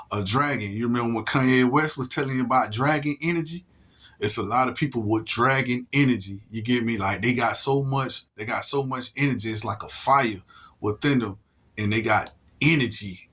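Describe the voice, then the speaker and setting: Husky-voiced man rambling slowly. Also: mid-range voice, a bit bright. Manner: repeats "you get me?" often, stammers and restarts; slow, drawn-out emphasis on single words. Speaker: solo video monologue speaker. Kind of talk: rambling casual monologue.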